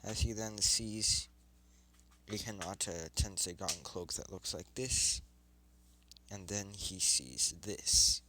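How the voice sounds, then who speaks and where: A man telling a fan story in a slow, unhurried way, his voice low yet bright. He rambles, stops to correct himself, and carries on. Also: a little hiss or hum, rough recording. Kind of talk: improvised fan story narration.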